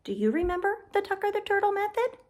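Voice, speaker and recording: A woman teaching young children in a gentle, patient, instructive manner. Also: extremely high pitch, very animated, fast, a little hiss or hum. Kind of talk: children's lesson with toys.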